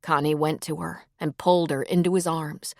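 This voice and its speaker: Low-voiced woman narrating an audiobook. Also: fairly even intonation, normal speed, gravelly, dry recording, clean studio sound.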